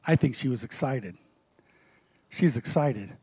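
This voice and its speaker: A man's voice: medium pitch, lively intonation, moderate pace, long pauses, husky, no echo, studio quality. A man, a pastor, preaching a casual, conversational sermon and throwing rhetorical questions at the congregation.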